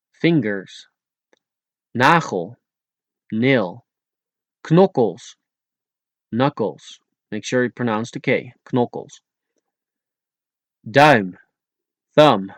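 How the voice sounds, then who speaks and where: A man reading a vocabulary lesson for an audiobook, giving each word and then its translation in slow, spaced pairs. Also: mid-range voice, no room sound. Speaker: language teacher.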